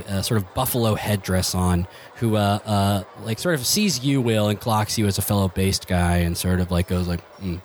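A man's voice: lowish voice, a little hiss or hum. A man narrating a tabletop game as game master, rambling with many fillers and restarts.

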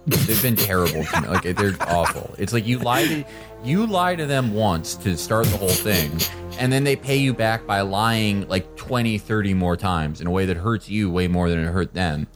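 A man playing a tabletop game, joking and animated in casual chat. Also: lowish voice, moderate pace, over music. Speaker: player.

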